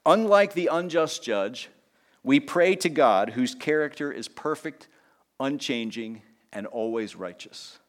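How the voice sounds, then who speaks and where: A man preaching a sermon in a lively teaching tone, with conversational asides and small jokes. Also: measured pace. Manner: lively teaching tone, pitch rising on key points and dropping low on asides. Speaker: pastor.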